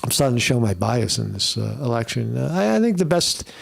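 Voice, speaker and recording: A man's voice: medium pitch, sing-song, brisk, vocal fry. A man hosting political commentary, blunt and scornful, swearing often as he reacts to clips. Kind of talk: opinionated commentary over clips.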